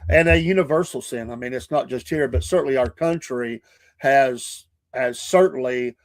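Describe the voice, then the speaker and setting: A man's voice: medium pitch, normal speed. Effusive man hosting an online interview. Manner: effusive, repeats affirmations, stumbles on words. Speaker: show host.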